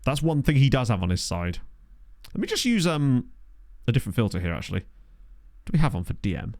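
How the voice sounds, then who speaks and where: A man's voice: medium pitch, big pitch swings, a little fast, a little mellow, no room sound, clean studio sound. A young man giving chatty, jokey commentary while playing a game and thinking aloud. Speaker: gaming commentator. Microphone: studio desk mic.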